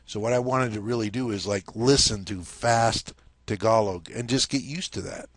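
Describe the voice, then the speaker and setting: Male teacher, low-ish voice, patient step-by-step explainer, dry close sound. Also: normal speed, dry recording. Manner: explains step by step, often checks in with "okay?". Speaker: language teacher. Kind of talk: casual spoken lesson.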